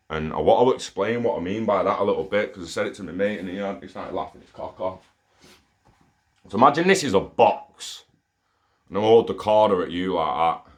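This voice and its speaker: A young man with a low-pitched voice tells a rambling personal story at normal speed in a casual monologue. He swears often and comes across as excitable.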